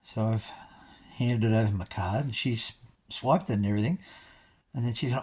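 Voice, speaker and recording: A man's voice: mid-range voice, lively intonation, moderate pace, pauses often, darkish tone, breathy edge. A man, chatting casually to his viewers and telling a story with wry, self-mocking asides. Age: 60s. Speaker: vlogger.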